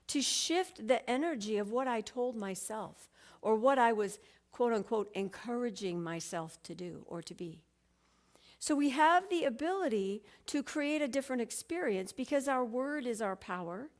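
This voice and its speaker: A woman's voice: a little high, expressive, unhurried. Earnest woman giving a sermon. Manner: earnest, reads a story aloud. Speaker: minister. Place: church sanctuary.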